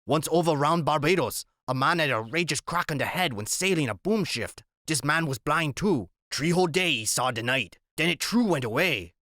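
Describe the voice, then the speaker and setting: A man voicing a calm, protective old West Indian seaman in an audiobook reading. He speaks in a gentle, steady dialect. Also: on the high side, normal speed, hardly any pauses, no echo, studio quality, pitched above the performer's own voice.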